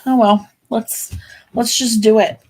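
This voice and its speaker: A woman vlogger chatting in a relaxed, meandering way, thinking aloud while she colors. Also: fairly high pitch, takes it slowly, husky, rough recording.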